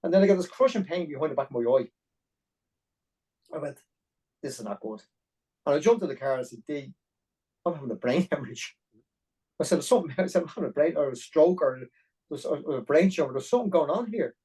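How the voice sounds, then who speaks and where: A middle-aged Irish man telling a long personal story as a podcast guest, animated and full of detail. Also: fairly high pitch, slightly rough, low-quality recording. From Ireland. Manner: animated, fast-paced anecdotal storytelling. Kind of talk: storytelling interview.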